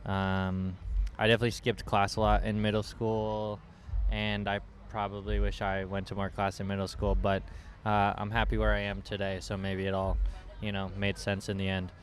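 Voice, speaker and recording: A man's voice: fairly low pitch, monotone, moderate pace, a little hiss or hum. A man musician reflecting in a laid-back way at an outdoor festival interview. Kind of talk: casual festival Q&A.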